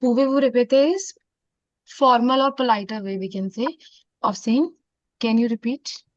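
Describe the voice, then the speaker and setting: A woman with an Indian accent teaching a French class, mixing in Hindi and repeating phrases slowly. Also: on the high side, fairly even intonation, dry recording. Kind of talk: online classroom lesson. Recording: dull, dry lo-fi sound.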